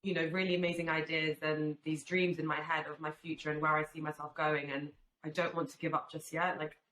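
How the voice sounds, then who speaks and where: A young woman with a low voice speaks earnestly and reflectively, with frequent fillers and restarts. She is recorded in an echoey room with faint background noise. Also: flat delivery, a little fast, fairly bright tone. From Albanian family, raised in UK. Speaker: guest, swimwear brand founder. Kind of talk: casual podcast chat.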